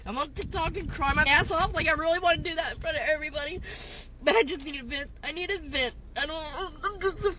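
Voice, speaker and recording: Here the same kind of tearful vent comes through background noise: a woman in her fifties who drives for a delivery gig, stressed and crying in a parked car while filming for social media. She talks fast in a high voice, distraught, with bursts of nervous laughter.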